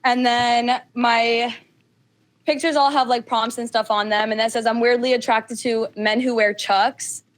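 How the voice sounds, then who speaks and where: A woman's voice: a little high, steady tone, measured pace. A woman calling in to a podcast, chatting casually and a bit hesitantly, with many fillers. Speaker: caller. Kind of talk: casual call-in chat.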